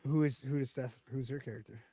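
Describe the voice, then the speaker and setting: Man, podcast banter, mid pitch, jokey, swears freely, dry close sound. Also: fairly even intonation, fast talker, mellow, breathy edge, dry recording. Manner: joking banter, heavy swearing. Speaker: podcast co-host. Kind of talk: casual chat.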